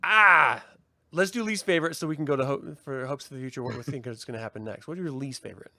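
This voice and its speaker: A man co-hosting a casual review podcast, talking in an animated way, swearing and mocking in impressions. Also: medium pitch, quick pace, no echo. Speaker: podcast co-host.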